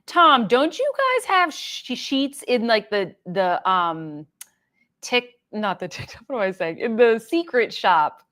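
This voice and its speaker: A woman's voice: fairly high pitch, big pitch swings, slow, fairly bright tone. Chatty woman reading live comments. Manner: chatty, reads viewer comments aloud, frequent fillers and laughs. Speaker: livestream host. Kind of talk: casual livestream chat reading comments.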